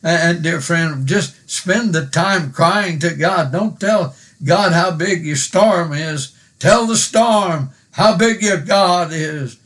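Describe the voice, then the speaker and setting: A man, preaching a sermon and praying, slow and earnest, repeating words for emphasis. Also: sits high, fairly bright tone. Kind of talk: sermon with prayer.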